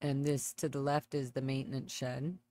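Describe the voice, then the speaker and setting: A woman's voice: a bass voice, flat delivery, normal speed, warm tone. Middle-aged woman, livestream host; loose, rambling commentary with exclamations. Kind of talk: casual livestream commentary over videos.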